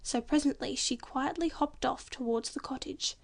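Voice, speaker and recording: A woman reading a children's storybook audiobook in a gentle, expressive narration. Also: high voice, moderate pace, vocal fry.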